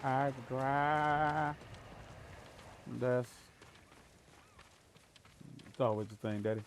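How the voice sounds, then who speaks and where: A man chatting casually on a live gaming stream, telling rambling, animated stories, restarting sentences and laughing at his own jokes. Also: mid-range voice, drawn-out words, slight background noise. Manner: restarts and stammers often.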